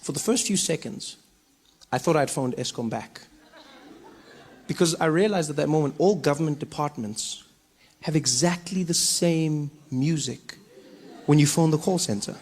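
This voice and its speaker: A man with a South African accent doing stand-up comedy, telling stories in a playful, animated way. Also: on the high side, moderate pace, breathy edge. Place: comedy stage.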